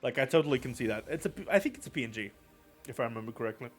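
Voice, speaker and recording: A man's voice: medium pitch, lively intonation, rapid-fire, faint music behind. A man streaming live, giving casual, rambling commentary and often repeating his own phrases.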